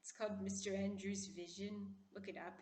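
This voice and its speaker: A woman vlogger chatting casually, putting on a poised, classy-sounding voice and talking in an opinionated, animated way. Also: mid-range voice, normal speed. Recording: echoey room.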